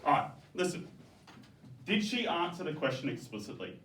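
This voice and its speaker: A man's voice: on the high side, big pitch swings, fairly bright tone. Man teaching a class, far off. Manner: coaxing, brisk, frequent "okay?". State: out of breath. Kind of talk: classroom feedback. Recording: echoey classroom, from far off, faint background noise.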